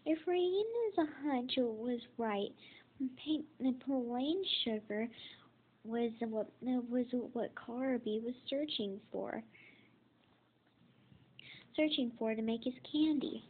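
A woman reading a children's storybook aloud, halting with fillers and restarts. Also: a little high. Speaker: reader. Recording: tinny phone-like sound.

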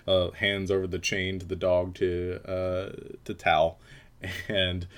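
A man narrating a tabletop game as game master, halting with many fillers and laughs. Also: low voice, completely flat delivery, clean tone.

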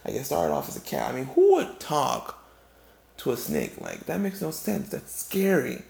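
Rambling gravelly man telling a comic story. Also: mid-range voice, huge pitch swings, normal speed, a little mellow. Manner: rambling, with many asides and restarts. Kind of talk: comedic monologue. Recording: roomy, with faint background ambience.

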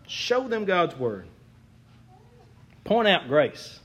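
A man's voice: high-pitched, very animated, extremely slow, a bit bright, muffled recording. A young man preaching a sermon as a pastor, folksy, earnest and self-deprecating.

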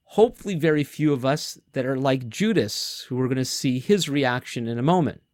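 A man delivering a conversational sermon with thoughtful pauses and frequent restarts. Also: medium pitch, lively intonation, darkish tone, no room sound, clean studio sound. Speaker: pastor.

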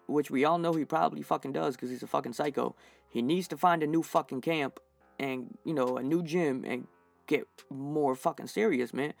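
A man's voice: on the high side, gravelly. A man hosting a solo podcast, reviewing fights in a heated, profane rant full of fillers while getting over an infection. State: recovering from infection, dehydrated.

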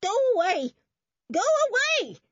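Brief: shrill scared old woman, high and loud, put on by a woman narrator, dull dry recording. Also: sing-song, takes it slowly, no room sound, exaggerated voice. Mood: screaming. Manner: shrill, panicky. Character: frightened screaming old woman in a cottage.

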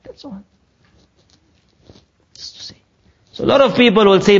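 A man's voice: high-pitched, moderate pace, pauses often. A man preaching a sermon in a mosque, telling stories and acting out the quoted speech with earnest feeling. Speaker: Islamic preacher. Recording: muffled lo-fi recording.

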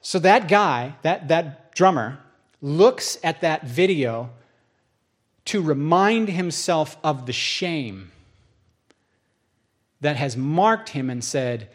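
A middle-aged man preaching a sermon as pastor, telling stories and acting out both sides of a dialogue, then dropping to a hushed voice for solemn moments. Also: on the high side, lively intonation, slow, pauses often.

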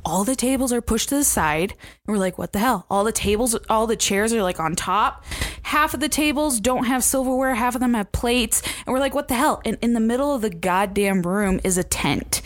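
A woman's voice: on the high side, moderate pace. A young woman, a former camp counselor, telling a story in casual chat, swearing freely and acting out quotes.

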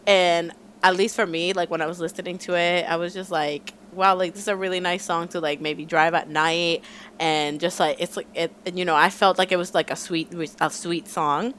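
Chatty young woman with a lower voice. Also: moderate pace, slight background noise. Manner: bubbly, says "like" a lot, squeals in excitement. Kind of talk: casual chat about music.

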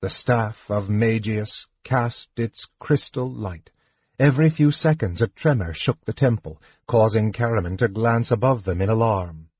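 A man narrates a fantasy novel in a slow, measured and dramatic reading. His voice is husky and mid-pitched. The recording is dry and a little dull, like a home audiobook. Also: darkish tone, dry recording.

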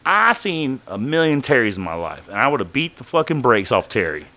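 A man's voice: medium pitch, brisk. A man telling a story casually on a podcast, swearing freely and acting out other people's lines. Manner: profane, animated, acts out quoted voices.

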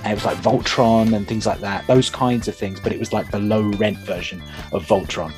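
A man hosting a podcast, chatting casually and retelling childhood cartoons with animated enthusiasm. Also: fairly low pitch, brisk, faint music behind. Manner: animated retelling of old cartoons, often laughing. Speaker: podcast host.

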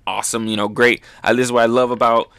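A man's voice: medium pitch, flat delivery, fast, creaky, a bit bright, smooth, no echo, studio quality. A man hosting a manga review, chatting loosely with lots of fillers and swearing as he recaps chapters. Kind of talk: casual recap commentary.

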